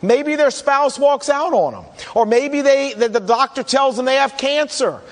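Male pastor, very high voice, conversational sermon delivery, echoing church hall. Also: lively intonation, moderate pace. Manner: conversational preaching, acts out listeners' questions.

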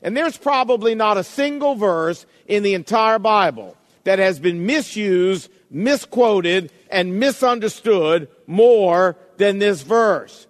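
A middle-aged man delivers a sermon in a fairly high voice, laying each point out slowly and deliberately. He leans on emphasis and rhetorical questions. His voice rings with a long reverb from a large hall. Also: expressive. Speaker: pastor.

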